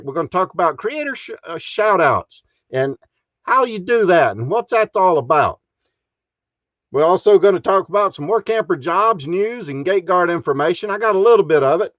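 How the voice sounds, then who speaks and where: Man, folksy stream host, high lively voice, dry dull sound. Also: no echo. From Texas. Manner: folksy, chuckles often. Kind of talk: casual live stream chat.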